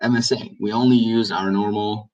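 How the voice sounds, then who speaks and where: Male teacher, lowish voice, casual live lesson, mic at a distance. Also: steady tone, normal speed, mellow, lo-fi sound. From Egypt. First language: Egyptian Arabic. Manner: explanatory, repeats words for emphasis. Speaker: language teacher.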